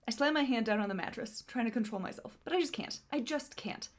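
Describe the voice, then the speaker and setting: A woman's voice: on the high side, quick pace. A woman reviewing books casually, reading passages aloud with amusement and laughing at the funny parts. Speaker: book vlogger.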